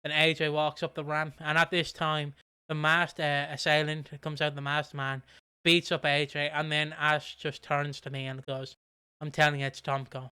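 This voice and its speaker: A man with a fairly high, bright and very clear voice, talking casually as a podcast co-host. He rambles, restarts his sentences, and swears without a second thought. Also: flat delivery, moderate pace. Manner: rambling, lots of fillers and restarts, swears freely. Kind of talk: casual chat reviewing wrestling.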